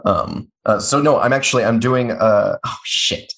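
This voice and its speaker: A man's voice: mid-range voice, moderate pace, vocal fry, a bit bright. Rambling, jokey male podcaster. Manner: rambling, self-interrupting, jokey. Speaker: podcast co-host. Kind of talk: casual chat.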